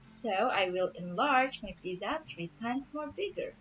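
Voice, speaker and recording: A woman teacher explaining a math lesson patiently, repeating each step slowly. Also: a little high, animated, a bit bright. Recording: dull lo-fi audio with faint music.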